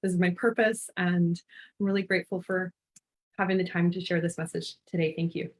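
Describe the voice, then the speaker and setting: A woman's voice: lowish voice, steady tone, brisk. Earnest canadian-raised woman mentor on a podcast, heartfelt, thirties. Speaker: guest, intuitive life and business mentor. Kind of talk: podcast interview.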